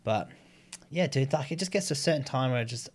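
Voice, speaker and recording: A man's voice: medium pitch, lively intonation, fast, breathy edge. A young Australian man, a stand-up comedian, telling crude stories in a loose, laid-back way. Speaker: stand-up comedian, podcast guest. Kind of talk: casual chat.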